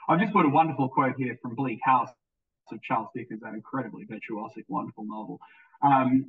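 A man's voice: medium pitch, breathy edge. A male music teacher giving a recorded presentation, enthusiastic, with frequent ums and repeated words. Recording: tinny phone-like sound, distant mic.

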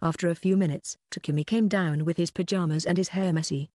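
An audiobook narrator reading a novel in a steady, even way. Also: medium pitch, fairly quick, no room sound, studio quality. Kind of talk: scripted narration.

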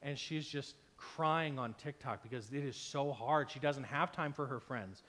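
A man's voice: mid-range voice, a little slow, fairly bright tone. A man preaching a sermon as pastor, emphatic, acting out imagined complaints in quoted voices, sounding a little unwell and tired. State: unwell, tired with stomach ache.

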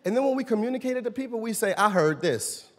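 Male pastor, high husky voice, preaching in a church with long reverb; loud shouted points, then hushed asides. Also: animated, fast talker. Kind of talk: sermon. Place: church sanctuary.

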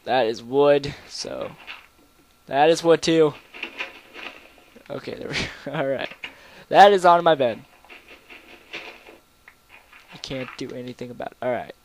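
A man's voice: medium pitch, moderate pace, long pauses, slight background noise. Goofy rambling young man gaming. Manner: rambling, goofy, sudden loud outbursts. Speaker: gameplay commentator. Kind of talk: casual gaming commentary.

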